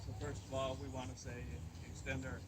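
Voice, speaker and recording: A man speaking as a neighbor at a memorial, delivering a steady, formal prepared speech. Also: medium pitch, fairly quick, heavy background noise. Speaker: neighbor giving a eulogy.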